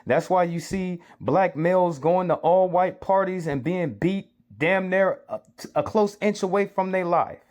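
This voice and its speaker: High-voiced man lecturing urgently. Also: unhurried, few pauses, darkish tone. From United States. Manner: urgent, lecturing, repeats himself. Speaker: commentator reacting to a clip. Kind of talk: preachy social commentary.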